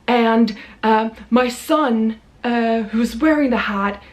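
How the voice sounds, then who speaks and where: A woman's voice: fairly high pitch, slow pace. A woman voicing a rude, entitled grown man demanding a free hat, in a surly, aggressive tone.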